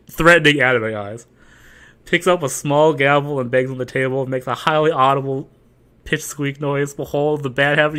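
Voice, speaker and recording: A male streamer with a bright, fairly high voice that swings widely as he jokes with his chat. He laughs often and keeps up a playful, teasing banter while playing. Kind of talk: live game commentary.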